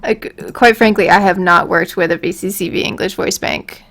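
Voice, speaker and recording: A woman's voice: on the low side, fairly even intonation, normal speed, fairly bright tone. A woman on a casual livestream, answering viewer questions in a rambling, giggly, self-deprecating way.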